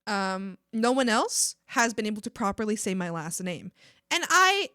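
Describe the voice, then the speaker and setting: A young woman from Mexico chatting casually on an art stream, animated and ranting, laughing often and swearing casually. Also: mid-range voice, normal speed, no echo, clean studio sound. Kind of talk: casual live-stream chat.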